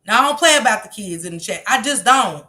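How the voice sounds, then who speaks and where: A woman's voice: mid-range voice, animated, fast, bright, forceful tone. A woman hosting a casual livestream, reading the chat aloud and bluntly scolding commenters. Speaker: livestream host.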